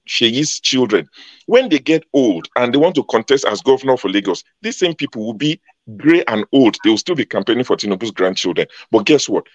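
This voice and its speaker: A man's voice: mid-range voice, no room sound, muffled recording. A man speaking as a panelist in a heated debate, emphatic and combative, repeating his points.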